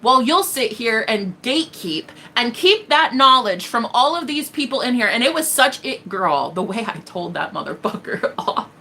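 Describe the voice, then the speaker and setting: A woman's voice: on the high side, very animated, normal speed, few pauses, sharp tone, slight background noise. A woman hosting a tarot livestream, speaking bluntly and defiantly, with plenty of profanity and acted-out quotes. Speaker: tarot reader and livestream host. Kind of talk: casual livestream monologue.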